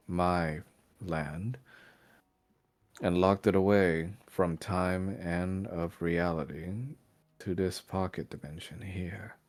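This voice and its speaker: Man playing Strahd, a grave ancient vampire lord. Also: deep voice. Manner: slow, grave, formal speech. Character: ancient male vampire lord, suave and brooding.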